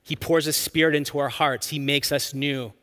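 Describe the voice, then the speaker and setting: A man preaching a sermon in an earnest, expressive way, drawing out key lines for emphasis. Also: a little high, moderate pace. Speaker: pastor.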